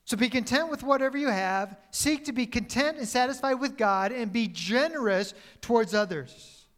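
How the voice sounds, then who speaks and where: A male pastor with a very high-pitched voice preaches at a normal speed. He swings between loud, emphatic lines and quiet, dropped phrases, sometimes correcting himself mid-sentence.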